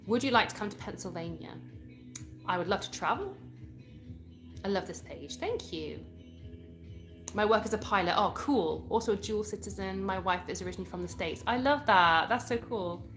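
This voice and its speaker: A woman's voice: mid-range voice, expressive, normal speed, fairly bright tone, soft background music. A young British woman from England hosting a casual live stream, chatting and answering viewer comments as she reads them aloud. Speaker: livestream host.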